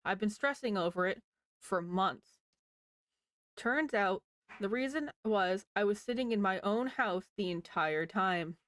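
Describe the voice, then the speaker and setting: A woman's voice: medium pitch, a little slow. A woman reading online posts aloud in a casual way, with wry asides to the listener.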